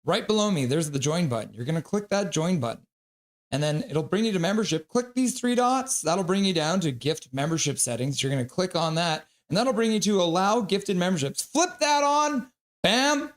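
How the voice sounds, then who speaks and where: A man calling a hockey game on a live stream and reading chat messages aloud with excited shouts. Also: a little high, fairly quick. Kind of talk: casual live-stream commentary.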